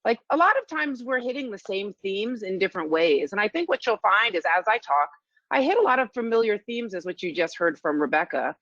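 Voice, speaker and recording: A woman physician giving her part of an online lecture, talking loosely with fillers and pauses. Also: medium pitch, sing-song, a bit bright, no room sound, muffled recording. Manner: conversational, loose, with thinking fillers. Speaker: physician presenter.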